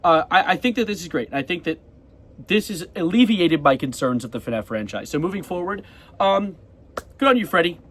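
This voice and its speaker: A young man with a slightly high voice, talking quickly in a casual, rambling video diary. He swears offhandedly and jumps from thought to thought. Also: animated, a bit bright. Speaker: vlogger.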